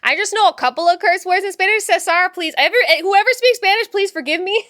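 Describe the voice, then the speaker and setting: Woman streamer chatting w/ her viewers, high voice, goofy and rambly, laughs a lot. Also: fast talker, bright, forceful tone, no room sound, clean studio sound. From father from Puerto Rico. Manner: playful, laughs often, rambling. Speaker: livestream host reading chat. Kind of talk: casual chat with viewers.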